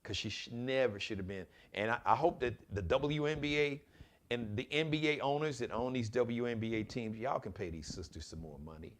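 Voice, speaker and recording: A man's voice: medium pitch, expressive, normal speed, a bit bright. A man hosting his own live commentary show, talking in an impassioned, preachy way and urging his listeners directly. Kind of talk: opinionated solo commentary.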